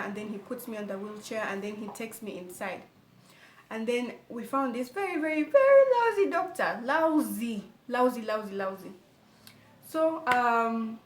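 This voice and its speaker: Young woman vlogging a story, animated and emphatic, echoey room with faint hum. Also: a little high. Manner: animated, emphatic, addresses viewers directly. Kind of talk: casual storytelling to camera.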